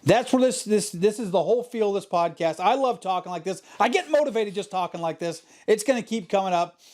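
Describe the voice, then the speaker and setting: A man's voice: sits high, animated, fairly quick, darkish tone. A man hosting a podcast in a motivational monologue, emphatic and profane, driving points home by repeating himself. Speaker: podcast host.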